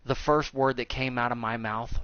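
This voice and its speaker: A man in his thirties telling a crude, joking story in casual chat, animated and a bit coarse. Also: mid-range voice, normal speed, dry recording. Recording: slightly dull recording.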